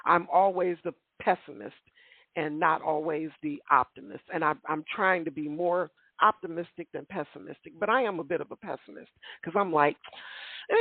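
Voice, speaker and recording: A woman telling a long personal story on a call-in radio show, animated and rambling, with frequent rhetorical asides to the listener. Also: fairly low pitch, normal speed, breathy edge, dry recording. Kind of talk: casual storytelling. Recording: tinny dry phone line.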